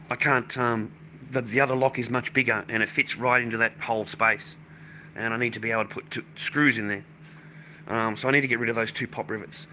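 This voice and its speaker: A man talks straight to the camera in a loose, profane rant. He circles back to the same points again and again. His voice sits at an ordinary middle pitch, with steady background noise behind him. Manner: profane, ranting, repeats himself. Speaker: vlogger. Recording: noisy background.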